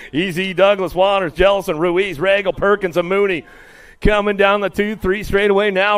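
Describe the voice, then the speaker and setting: A man announcing live BMX races, rattling off rider names with bursts of excitement. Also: high-pitched, smooth. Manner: rapid-fire calling of rider names, excitable. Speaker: race announcer. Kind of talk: live BMX race commentary.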